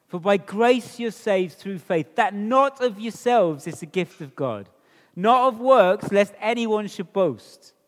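A man delivers a sermon in a chatty, animated way, throwing rhetorical questions at his listeners. His voice sits high and swings widely in pitch. He takes his time, and a long hall reverb trails each phrase. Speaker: preacher.

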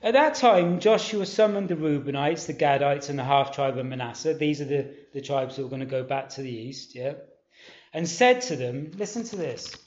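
A man's voice: on the high side, animated, moderate pace, a little mellow. A man preaching a sermon. He talks in a casual, conversational way, asks the listeners questions, reads scripture aloud and presses his points with urgency. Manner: urgent exhortation. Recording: echoey hall, dull lo-fi sound.

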